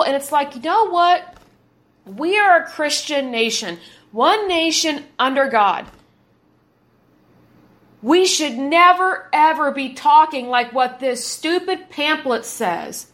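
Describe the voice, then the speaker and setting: Woman in her thirties, podcast host, indignant, emphatic, high voice. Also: a bit bright. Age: 30s. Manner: indignant, emphatic, repeats words for force. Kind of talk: opinionated commentary monologue.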